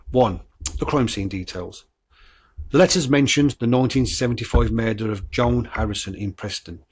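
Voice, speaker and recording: Brief: a male podcast host with a lowish voice, casual and blunt, who trips over his words. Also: slightly rough. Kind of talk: casual true-crime podcast talk mixed with reading notes.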